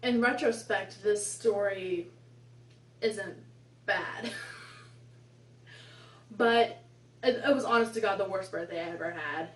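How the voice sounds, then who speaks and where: A woman's voice: medium pitch, slow, pauses often. A woman in her twenties telling a rambling, casual story about her past, with exasperated asides. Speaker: vlogger. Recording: echoey room, mic at a distance.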